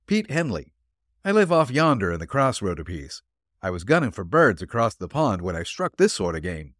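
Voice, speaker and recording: A man's voice: lowish voice, sing-song, normal speed, fairly bright tone, no room sound, studio quality. A man doing a shifty backwoods hunter. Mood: folksy, glib. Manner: folksy backwoods drawl, evasive. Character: shifty rustic hunter, middle-aged man.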